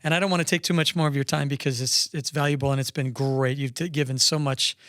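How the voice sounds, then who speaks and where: A man's voice: medium pitch, fairly even intonation, fast, fairly bright tone, no room sound, clean studio sound. A man hosting a podcast interview, talking enthusiastically in a casual way, often restarting his sentences. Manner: enthusiastic, effusive, with frequent restarts. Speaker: podcast host.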